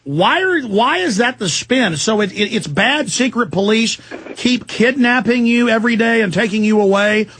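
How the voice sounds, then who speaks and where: A man hosting a talk radio show, forceful and emphatic, cutting in on his guest. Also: high-pitched, animated, normal speed, a little hiss or hum.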